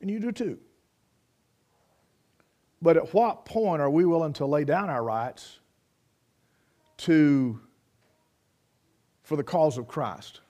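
A man's voice: on the high side, slow, long pauses, mellow. A man preaching a folksy sermon, telling homespun stories and sayings and often restarting his sentences. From United States. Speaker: pastor.

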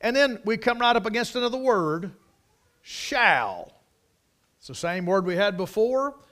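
A man's voice: sits high, a little fast, a bit bright. A man preaching a sermon, emphatic, repeating key words for stress.

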